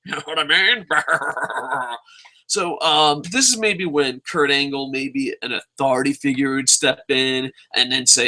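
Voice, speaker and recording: A man's voice: mid-range voice, unhurried, pushed and bright. A young man reviewing a wrestling show in a profane, sarcastic rant, acting out quotes as he goes. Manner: sarcastic, swears constantly, acts out quotes.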